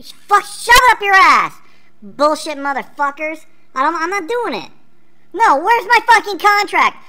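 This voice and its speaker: A hyperactive, bratty cartoon kid, rattling off taunts at breakneck speed in a bright, sharp voice. He talks in a mocking sing-song. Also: high voice, smooth, exaggerated voice. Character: hyperactive annoying kid, taunting, fast-talking. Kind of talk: flash cartoon voice acting.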